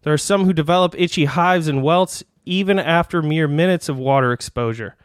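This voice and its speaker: A man's voice: a little high, brisk, smooth, dry recording, clean studio sound. A man hosting a comedy podcast, rambling and laughing through a joke bit where he reads out fake diagnoses as a doctor. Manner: rambling, laughing, with frequent restarts.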